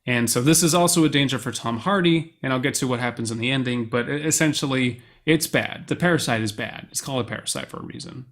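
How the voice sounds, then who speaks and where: Casting: us man, podcast co-host, animated film recap, middle pitch. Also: fast talker, few pauses. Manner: animated storyteller, quotes lines in put-on voices. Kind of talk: casual chat, film recap.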